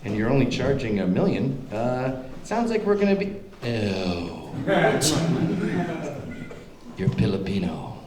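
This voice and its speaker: Brief: a sneering bigoted boss, low and drawling, lively swoops, as a speaker puts him on, echoey hall. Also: male voice, takes it slowly, pauses often, a loud crowd. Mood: disgusted. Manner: mocking, exaggerated disgust. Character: smug prejudiced male boss reading a resume. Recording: echoey hall with background noise.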